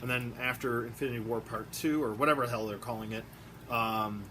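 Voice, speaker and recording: A man who collects toys, chatting in a rambling, excitable way with lots of fillers, recorded in a room at home. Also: mid-range voice, brisk, a little hiss or hum. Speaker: toy collector vlogger. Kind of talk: casual rambling review vlog.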